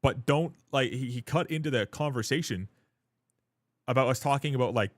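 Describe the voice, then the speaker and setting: A man's voice: mid-range voice, normal speed, dry recording. A young man, telling a rambling, profane story while streaming a game. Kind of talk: casual livestream chat.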